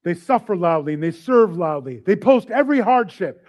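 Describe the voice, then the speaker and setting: A man's voice: high-pitched, expressive, moderate pace, a little mellow, muffled recording. A man preaching a sermon as pastor, casual and joking, often acting out little voices and asides. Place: church service.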